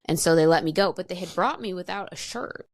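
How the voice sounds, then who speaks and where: Low gravelly woman, blunt and matter of fact, tells her story candid, dry close sound. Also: a little fast, no echo. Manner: frank, matter-of-fact, laughs at her own story, frequent "like". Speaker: podcast guest.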